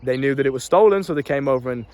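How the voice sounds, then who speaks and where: A young British man telling a story in a casual, animated way, laughing often and swearing freely. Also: mid-range voice, very fast. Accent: British English. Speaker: self-improvement YouTuber.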